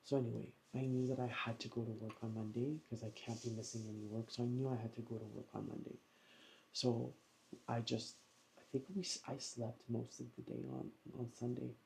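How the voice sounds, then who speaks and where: A woman's voice: a bass voice, little pitch movement, a little fast, creaky, mellow, a little hiss or hum. A woman vlogger chatting casually at home, rambling through a story with lots of fillers. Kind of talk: casual vlog chat.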